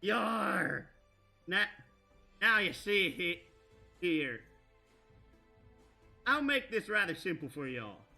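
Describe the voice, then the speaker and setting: A man's voice: high-pitched, sing-song, slow pace, gravelly, long pauses, pushed and bright, faint music behind, heavily acted. A man voicing a threatening male pirate captain in a tabletop game, blustering and growling out threats.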